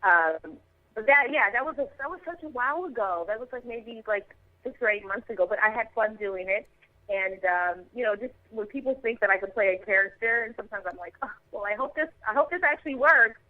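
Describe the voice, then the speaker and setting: A woman's voice: a little high, lively intonation, brisk, no room sound. A woman from Chicago, an actress, chatting casually in an interview with many fillers and restarts. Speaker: actress guest. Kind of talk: casual interview over the phone. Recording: tinny phone line.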